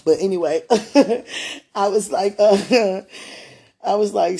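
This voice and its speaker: A woman speaks in a low, gravelly register with a husky edge to her voice. She is a former childcare teacher recounting her days in a relaxed interview. She rambles warmly through her stories and breaks into laughter often. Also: slow, long pauses. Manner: chatty, laughs often, animated retelling. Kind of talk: casual storytelling in an interview.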